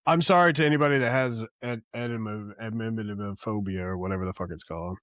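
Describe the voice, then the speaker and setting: Talking fast in a fairly low voice, this man co-hosts a podcast with a casual, excitable energy. The recording is dry and studio-clean, and he rambles with lots of swearing and fillers like "um" and "like".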